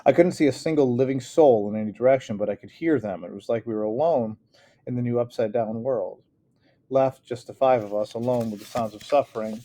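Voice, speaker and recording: A man's voice: mid-range voice, fairly quick, dark tone. A man reading a first-person novel aloud in an earnest storytelling way, now and then stumbling and correcting himself. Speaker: audiobook reader.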